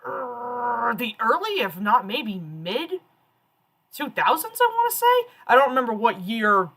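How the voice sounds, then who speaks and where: A woman in her thirties hosting a casual stream, telling stories in an animated, chatty way. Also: fairly high pitch, unhurried. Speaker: streamer host.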